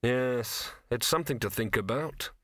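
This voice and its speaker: A man's voice: medium pitch, measured pace, a bit bright, dry recording, studio quality, natural voice. A man reading aloud and voicing an earnest, reassuring young man in an audiobook. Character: earnest young man, trying to stay brave.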